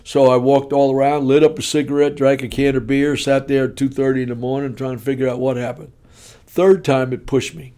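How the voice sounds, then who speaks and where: Mellow-voiced man telling a lively testimony. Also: mid-range voice, fairly quick, clear, resonant tone. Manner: punchy, animated, folksy storytelling. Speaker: preacher giving his testimony. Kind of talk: personal testimony storytelling.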